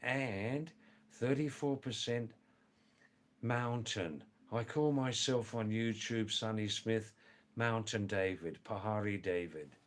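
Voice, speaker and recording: In a lowish voice, taking things slowly, an older man chats casually on his livestream and reads viewer messages. He's from England and Australia, calls viewers by name, teases them and leans on repeated words for emphasis.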